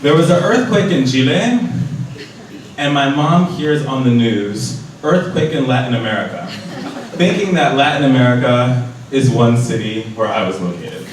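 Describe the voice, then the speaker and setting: A young man reading his diary entries aloud to a live audience, lively, putting on voices for the people he quotes. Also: mid-range voice, moderate pace. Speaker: storyteller at a live event. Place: large echoey hall. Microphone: distant from the microphone. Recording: echoey hall from far off.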